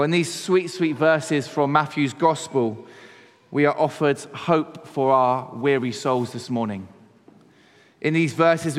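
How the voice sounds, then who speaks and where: A man, a pastor, preaching a sermon in a measured, conversational way, slowing down to stress key words. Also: on the high side. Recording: long hall reverb.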